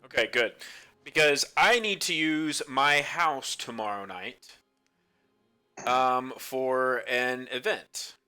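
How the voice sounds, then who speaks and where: A man's voice: medium pitch, takes it slowly, bright, forceful tone, smooth. A man playing a tabletop game who speaks in character as a lord, assured and courteous. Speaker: player.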